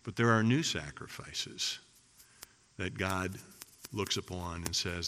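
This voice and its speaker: A middle-aged man preaching a sermon as pastor, emphatic, firing rhetorical questions and swinging between loud and hushed passages. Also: deep voice, slow. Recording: long reverb of a large hall.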